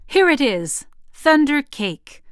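A woman's voice: sits high, sing-song, slow, no room sound, studio quality, pitched above the performer's own voice, full character voice. Storybook grandmother: kind, patient old farm woman, soothing folksy coaxing, voiced by a woman reader. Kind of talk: picture book read-aloud.

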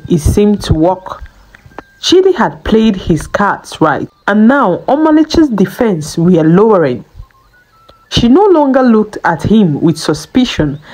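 A woman narrating a folktale in a slow, scripted storytelling delivery. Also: mid-range voice, a little mellow, rough recording.

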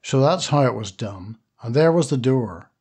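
A man narrating a short story as an audiobook, steady and even. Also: mid-range voice, normal speed, slightly rough. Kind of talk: scripted narration.

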